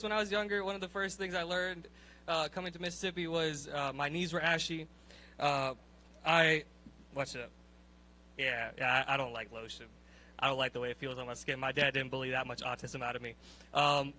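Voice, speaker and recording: A young man doing a profane, animated stand-up set, ranting in disbelief and laughing at his own lines. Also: high voice. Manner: profane, animated, incredulous rants with frequent laughs. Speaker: stand-up comedian. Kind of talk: stand-up set at an open mic.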